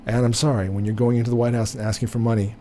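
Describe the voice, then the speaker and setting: Man, opinion commentary, blunt, filler-heavy, mellow dark tone, faint noise behind. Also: mid-range voice, little pitch movement, rapid-fire. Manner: blunt, repeats himself with many fillers. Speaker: commentary host.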